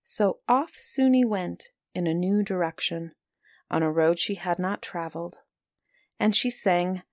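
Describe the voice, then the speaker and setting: Storyteller, woman, dry close read with no room sound, expressive fairy-tale delivery. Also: on the low side, unhurried, no echo. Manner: expressive read-aloud, voicing characters. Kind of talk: storybook reading.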